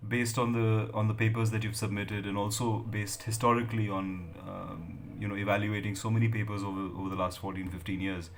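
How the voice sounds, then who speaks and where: A man's voice: lowish voice, steady tone, brisk, hardly any pauses, slight background noise. Hesitant man lecturing on grammar. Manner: hesitant, many fillers and tag questions. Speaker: English lecturer. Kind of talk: academic writing lecture.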